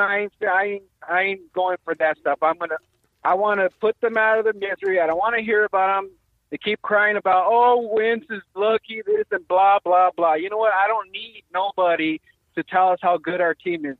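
A man's voice: high voice, fairly even intonation, fairly quick, no room sound. A man calling in to a sports radio show, hyped and trash-talking as a fan. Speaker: caller. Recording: dry, tinny phone line.

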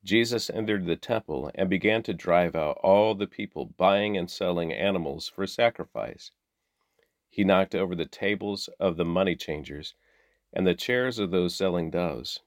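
A man reading the daily Bible passages aloud in a measured, steady way. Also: sits low, no echo, clean studio sound. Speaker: Bible reader.

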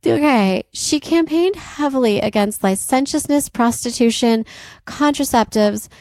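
A woman's voice: on the high side, unhurried, a little mellow, dry recording. A woman co-hosting a casual history podcast, telling the story from her notes with wry, amused asides. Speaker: podcast co-host.

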